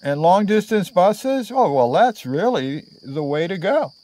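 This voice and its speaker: A man's voice: high-pitched, sing-song, a little slow, warm tone, pitched above the performer's own voice. A man doing a prim, delicate Englishwoman. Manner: prim, polite, diplomatic. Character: delicate, well-mannered young Englishwoman traveler.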